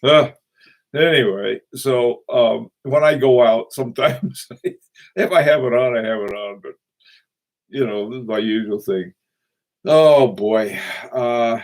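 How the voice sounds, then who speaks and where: A man chats casually on a livestream, greeting viewers by name. His talk wanders and is full of chuckles, fillers and restarts. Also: medium pitch. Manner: rambling, chuckling, halting with many fillers. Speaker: watch channel host.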